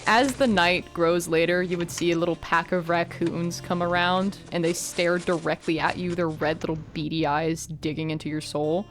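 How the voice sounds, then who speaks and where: A woman running a tabletop role-playing game as game master, narrating in a gentle, measured way. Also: on the low side, fairly even intonation, soft background music.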